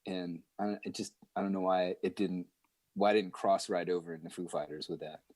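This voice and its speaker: A man guesting on a podcast, telling stories in a chatty, animated way with lots of fillers. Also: deep voice, a little fast, no echo. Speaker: guest musician. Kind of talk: casual podcast storytelling.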